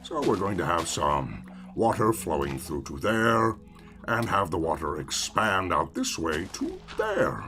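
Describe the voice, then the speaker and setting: A male streamer with a low, gravelly voice drifts through sarcastic, rambling gameplay chatter. He talks slowly, his pitch swings widely, and faint music sits underneath. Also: big pitch swings, noisy background. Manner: sarcastic rambling self-talk. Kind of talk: casual gameplay commentary.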